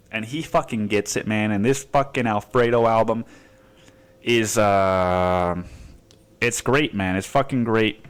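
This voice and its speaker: A man's voice: mid-range voice, clear, resonant tone. A man hosting a casual solo podcast, rambling in a stream of consciousness and swearing constantly. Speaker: podcast host.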